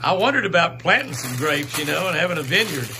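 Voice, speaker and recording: Amid background noise, a ranch owner hosting his outdoor vlog talks fast in a very animated, fairly high voice. He narrates casually, laughs a lot, and coos at the deer he's feeding.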